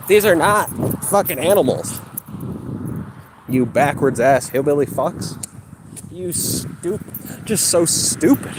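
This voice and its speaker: A man's voice: a little high, background noise. A man ranting and mocking his critics with heavy profanity while he exercises outdoors. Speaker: livestreamer.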